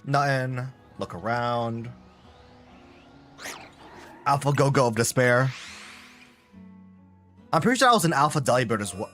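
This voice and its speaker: A man chats his way through a live game stream, wandering from thought to thought and answering his viewers. His voice sits at a middle pitch but swings up and down a lot. Faint game music plays behind him. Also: lively intonation, a little slow, pauses often, fairly bright tone. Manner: chatty, rambling, talks to chat. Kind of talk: casual gameplay commentary.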